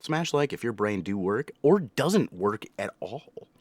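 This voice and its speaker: A man talks over an anime in a loose, rambling reaction chat, full of jokes and self-corrections. His voice is low-pitched and recorded close and dry, with no room sound. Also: very animated, measured pace, darkish tone, no echo. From United States. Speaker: reaction video host. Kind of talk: casual rambling reaction commentary.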